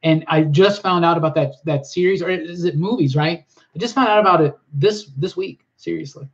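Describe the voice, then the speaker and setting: Excitable man rambling on a lo-fi stream. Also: fairly high pitch, fairly quick. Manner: rambling, enthusiastic, lots of fillers. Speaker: live-stream host reading chat. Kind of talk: casual live-stream chat. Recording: dull lo-fi stream audio.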